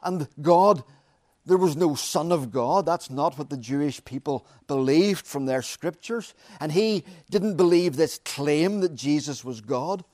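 A man preaching a sermon, with dramatic pauses and emphatic repetition. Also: a little high, darkish tone, no echo, clean studio sound.

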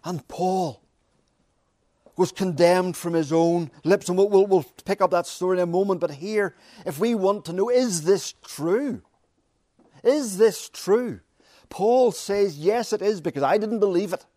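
Guy preaching real slow, kinda high voice, lots of pauses and repeats, dry sound. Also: warm tone, dry recording. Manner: dramatic pauses, emphatic repetition. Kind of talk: sermon.

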